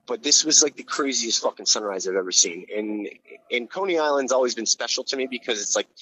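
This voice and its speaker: A man who grew up in Hawaii, telling a long story in a casual, profane, rambling way and getting loud when he reenacts scenes. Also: mid-range voice, expressive, a little fast, slight background noise. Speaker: guest telling his story. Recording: slightly dull, lo-fi sound.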